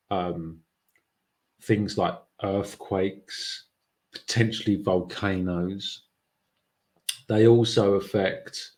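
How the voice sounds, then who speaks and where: Male podcast host, low and unhurried, musing and restarting mid-thought. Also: a little mellow. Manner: musing, with many fillers and restarts. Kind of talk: casual monologue.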